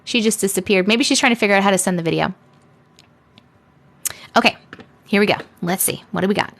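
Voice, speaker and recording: A woman's voice: medium pitch, a little fast, vocal fry. A woman hosting a live stream, reading viewer stories aloud in a playful, chatty way with sarcastic asides. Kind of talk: casual live stream chat and story reading. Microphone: desk microphone.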